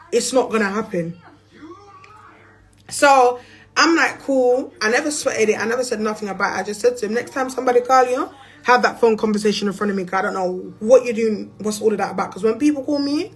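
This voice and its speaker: A young woman with a London accent telling a story on a livestream in a blunt, profane, slangy way. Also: a little high. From England. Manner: blunt and profane, slangy, animated with bursts of laughter. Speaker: influencer on a livestream.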